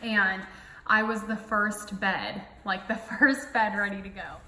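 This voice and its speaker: A young woman tells her own story straight to camera, casual and emotional, with a steady stream of "like" fillers. Her voice is bright and sharp. The room rings with echo and a long reverb tail. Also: medium pitch, slow pace. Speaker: vlogger. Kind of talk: personal storytelling.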